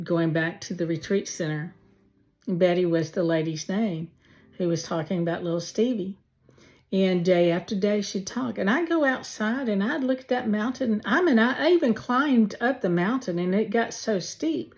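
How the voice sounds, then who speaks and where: A woman telling a heartfelt personal faith testimony, slowly and with many pauses. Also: mid-range voice, a little mellow. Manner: slow, heartfelt storytelling with pauses. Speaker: testimony speaker.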